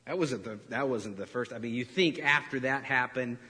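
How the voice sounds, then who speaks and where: A man preaching a sermon as pastor, animated and storytelling, breaking into laughs and acting out quotes. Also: mid-range voice, moderate pace. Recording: reverberant hall.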